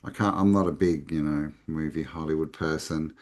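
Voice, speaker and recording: An Australian man, a podcast guest, talking casually in a relaxed, rambling way with many restarts. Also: extremely low pitch, moderate pace. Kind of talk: casual conversation.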